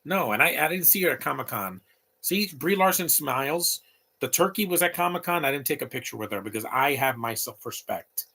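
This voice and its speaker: Gravelly opinionated man in his late thirties. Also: mid-range voice, animated, brisk, pushed and bright. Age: late 30s. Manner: opinionated, rambling, talks back at the film. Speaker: movie commentator. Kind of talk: live movie commentary.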